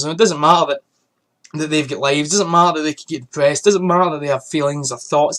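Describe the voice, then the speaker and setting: A man's voice: on the high side, fairly bright tone. A young man ranting angrily into the camera, swearing often as he vents. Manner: heated and profane, swearing often. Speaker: vlogger. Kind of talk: angry ranting monologue.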